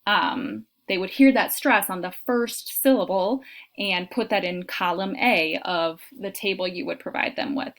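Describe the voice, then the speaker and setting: A woman giving a recorded lecture on teaching, explaining steps with frequent fillers and spoken examples. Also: mid-range voice. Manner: explanatory, frequent ums, demonstrates intonation aloud. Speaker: teacher trainer.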